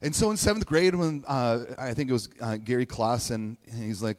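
A man telling a personal story in a sermon, chatty and animated, acting out quotes in playful voices. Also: medium pitch, normal speed. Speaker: speaker giving a message to a congregation. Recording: long hall reverb.

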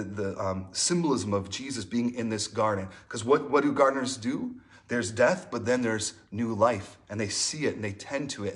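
A man preaching a sermon in a conversational style. He often asks "right?" and swings between animated emphasis and soft, hushed passages. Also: fairly low pitch. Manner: conversational preaching, frequent "right?" asides and restarts. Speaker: pastor.

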